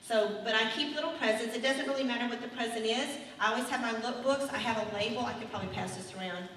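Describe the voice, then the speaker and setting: Middle-aged woman, seminar speaker, bright and forceful, heard from afar in an echoey hall. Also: fairly high pitch, quick pace, a little hiss or hum. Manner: animated and earnest, addressing the audience directly. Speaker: sales director speaking at a seminar. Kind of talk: motivational seminar talk. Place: large hotel meeting room. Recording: echoey hall recorded from far off.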